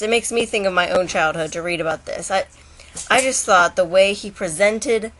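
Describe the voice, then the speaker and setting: A woman's voice: medium pitch, a bit bright. A young woman chatting casually to her camera at home, rambling, with restarts and asides. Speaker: vlogger. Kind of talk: casual chat.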